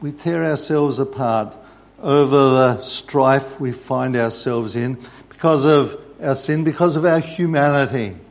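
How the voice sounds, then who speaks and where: A man preaching a sermon, telling a story in a measured way. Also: medium pitch.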